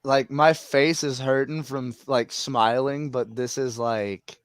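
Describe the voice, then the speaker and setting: A man co-hosting a live wrestling watch-along, excitable and swearing freely. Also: medium pitch, slow pace, smooth, no echo. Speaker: podcast co-host.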